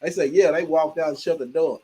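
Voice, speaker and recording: An older man hosting a livestream, telling animated childhood stories with laughter and acting out his mother's scolding. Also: fairly high pitch, fairly quick, husky, poor audio. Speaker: livestream host. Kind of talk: casual storytelling chat.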